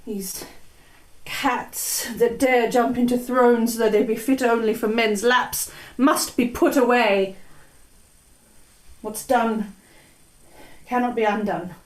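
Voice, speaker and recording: An imperious, haughty queen, played by a woman, declaiming in old stage speech. Her voice is high and her delivery slow and measured. It is heard in an echoey room. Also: fairly even intonation, far from the mic. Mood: sleepwalking. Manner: commanding, declamatory. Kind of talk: Elizabethan stage acting.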